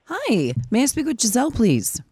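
A woman co-hosting a morning radio show in a studio, throwing in quick, wry remarks. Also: on the high side, huge pitch swings, warm tone, husky. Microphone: studio microphone.

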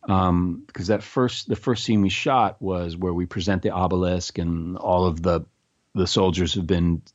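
Middle-aged male actor guest, low voice, chatty and stammering, dull lo-fi recording. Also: steady tone, a little slow, dry recording. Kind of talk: casual interview chat.

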